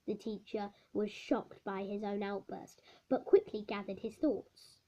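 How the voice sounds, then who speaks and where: A woman's voice: medium pitch, steady tone, unhurried, dark tone. A woman reading a children's book aloud, stumbling over words and correcting herself. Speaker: storybook reader. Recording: dull lo-fi recording.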